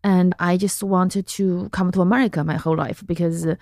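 A comedian in her thirties with a Chinese accent, speaking a little low. She tells animated stories in casual podcast talk and acts out what other people said. The recording is close and dry. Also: a little fast, dry recording. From central China. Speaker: guest comedian.

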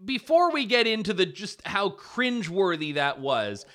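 A man's voice: high-pitched, big pitch swings, moderate pace, a bit bright. A man co-hosting a political commentary show, talking in a wry, amused, chatty way.

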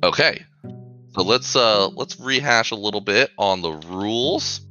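A man narrating a tabletop game as game master, chatty and animated. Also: lowish voice, a little slow, dull audio, faint music behind.

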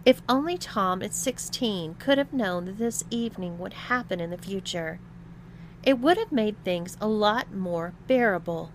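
A woman narrating an erotic audio story in a slow, even reading. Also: mid-range voice, slight background noise.

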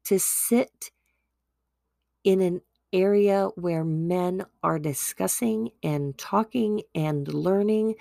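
A woman hosting a devotional podcast tells a Bible story in an earnest, chatty way. Her voice is low-pitched and heavily gravelly, and she speaks slowly. The recording is close and dry. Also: dark tone, dry recording. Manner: earnest, conversational, with frequent restarts. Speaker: podcast host.

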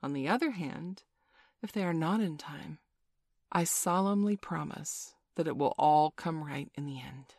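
A woman narrates a children's story aloud in a low, steady voice. Her telling is measured and gently playful, with little room sound around it. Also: dry recording, studio quality.

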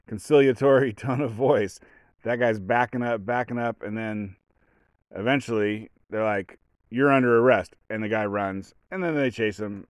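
A man's voice: medium pitch, no room sound, studio quality. A man hosting a solo podcast, telling a story in a rambling way and often stopping mid-sentence to restart. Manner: rambling, self-interrupting storyteller. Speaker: podcast host. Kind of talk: solo casual podcast monologue.

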